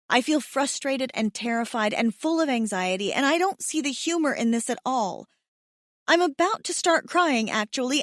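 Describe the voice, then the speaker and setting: A woman's voice: medium pitch, no echo, clean studio sound. A woman narrating a first-person romance audiobook in an emotional, heated way that includes swearing.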